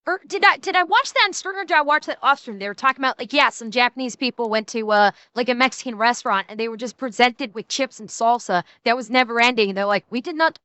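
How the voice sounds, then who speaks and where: A high-pitched woman streamer chats through a reaction video, rambling, laughing and swearing freely. Her voice is bright and sharp, recorded dry and close. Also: fast, few pauses, clear, resonant tone, no room sound. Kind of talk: casual reaction commentary.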